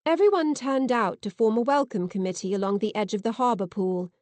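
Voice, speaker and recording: A woman narrating an audiobook in first person with lively, expressive reading, on a close mic. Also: a little high, brisk, no echo.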